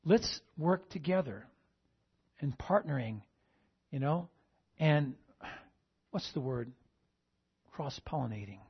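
Husky male pastor preaching. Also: on the high side, expressive, slow pace, pauses often, dull audio. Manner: call-and-response, repeating "amen?" to the congregation. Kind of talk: sermon.

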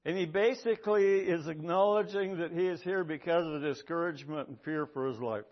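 A man's voice: a little high, fairly quick, few pauses. A man preaching a sermon with emphasis, often repeating his key lines for weight. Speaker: pastor. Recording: dull lo-fi recording.

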